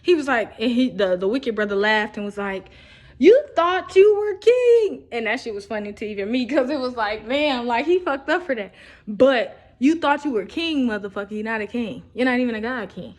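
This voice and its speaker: A woman's voice: a little high, brisk. A young woman, talking in a rambling, profane monologue for a posted video. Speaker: vlogger. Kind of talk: casual recorded video monologue.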